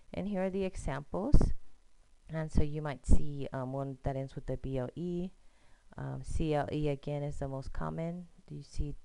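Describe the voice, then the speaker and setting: A woman's voice: low voice, vocal fry, mellow, clear, resonant tone, dry recording, rough recording. A woman teacher patiently explaining a screencast lesson step by step, often checking in with "okay?".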